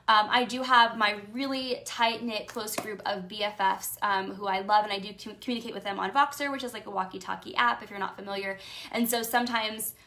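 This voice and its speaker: A woman's voice: medium pitch, fairly even intonation, brisk, bright, forceful tone, slight background noise. A woman life coach giving a casual, emphatic motivational talk, chatty and full of fillers.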